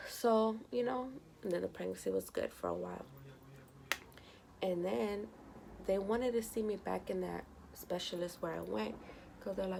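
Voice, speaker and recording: A woman's voice: mid-range voice, animated, moderate pace, a little mellow, slight background noise. A young woman vlogging from home, telling a story casually with lots of "like" and quoted dialogue. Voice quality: gravelly vocal fry. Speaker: beauty vlogger.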